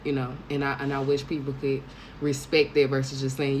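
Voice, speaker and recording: Low-voiced blunt woman in her thirties. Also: monotone, a little fast, a little mellow, a little hiss or hum, low-quality recording. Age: 30s. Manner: blunt, profane storytelling with bursts of laughter. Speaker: vlogger. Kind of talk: casual monologue to camera.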